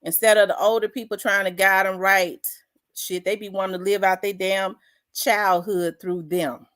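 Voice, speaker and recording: Her voice is medium-pitched and fairly bright, with a steady tone and moderate pace. She's an opinion vlog host from South Memphis, Tennessee, with a Memphis accent, ranting bluntly, profanely and with real fire.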